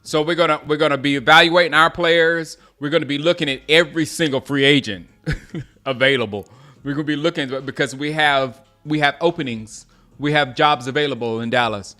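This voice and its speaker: A man from South Carolina hosting a casual live stream, chatting with viewers and reacting excitedly to plays as he reads comments aloud. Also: a little high, brisk, faint music behind. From Gaffney, South Carolina. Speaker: sports livestream host.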